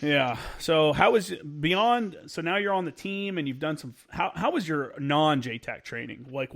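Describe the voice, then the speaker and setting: A man's voice: medium pitch, vocal fry. A man hosting a podcast, chiming in with short agreeing replies and asking loose, rambling questions. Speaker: podcast host. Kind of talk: casual interview.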